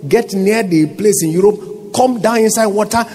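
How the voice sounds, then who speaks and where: A man's voice: sits high, normal speed, warm tone, slightly rough. A Nigerian man preaching a sermon as pastor, emphatic and full of rhetorical questions to his congregation.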